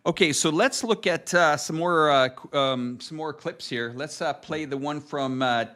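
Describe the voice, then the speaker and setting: Man co-host from Canada, bright edgy tone, earnest and worried political chat. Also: a little high, normal speed. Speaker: co-host of a live talk stream.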